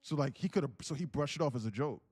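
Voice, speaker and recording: A man's voice: medium pitch, fast, darkish tone, no echo, studio quality. A man hosting a casual livestream, telling a story in a rambling, repetitive way and laughing as he goes. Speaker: livestream trading host.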